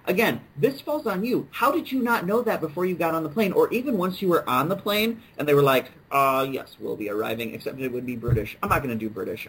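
A man's voice: on the high side, a bit bright, a little hiss or hum, poor audio. A man co-hosting a casual podcast chat, joking and incredulous in his banter. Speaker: podcast co-host.

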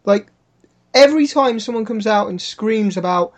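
A man's voice: high-pitched, moderate pace. A man co-hosting a casual podcast, ranting in conversational commentary. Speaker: podcast co-host. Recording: dull lo-fi sound.

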